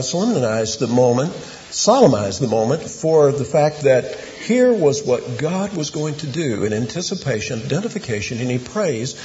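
A man preaching a sermon, telling a Bible story in an animated way with rhetorical questions. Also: fairly high pitch. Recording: dull lo-fi with long hall reverb and faint hiss.

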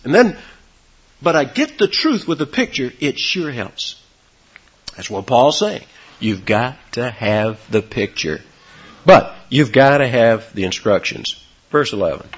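A man preaching a sermon, with sudden high, loud emphasis on key words and a husky voice. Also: big pitch swings, a little slow, highs cut off. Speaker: pastor.

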